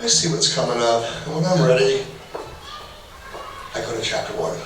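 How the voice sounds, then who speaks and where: A man's voice: medium pitch, moderate pace. Middle-aged man speaking in an echoey hall. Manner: humorous, conversational, acts out little dialogues. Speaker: marriage workshop presenter. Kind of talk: casual workshop talk with personal stories. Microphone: distant room mic. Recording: echoey hall, far from mic, faint noise.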